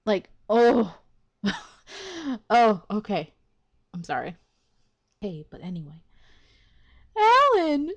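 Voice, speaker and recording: A woman's voice: medium pitch, expressive, slow pace, long pauses, darkish tone, husky. A woman hosting a let's play of a visual novel, giving casual, exasperated commentary with frequent swearing and laughter.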